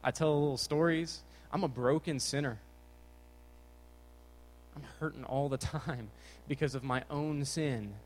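A man's voice: on the high side, unhurried, long pauses, a little hiss or hum, low-quality recording. A young man giving a casual, jokey sermon to teenagers as a youth pastor, talking with energy. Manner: energetic, jokey, bouncing around.

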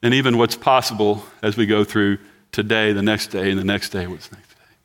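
A man's voice: on the low side, steady tone, fairly quick. A man in his sixties preaching a sermon in a church, chatting and joking with the congregation. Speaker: pastor.

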